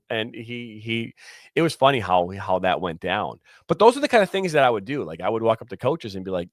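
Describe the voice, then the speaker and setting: A former soccer referee on a podcast, telling stories in a lively way and acting out what players and coaches said. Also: male voice, fairly low pitch, fairly quick, no room sound, studio quality. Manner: animated storyteller acting out quotes, many restarts. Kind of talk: casual storytelling chat.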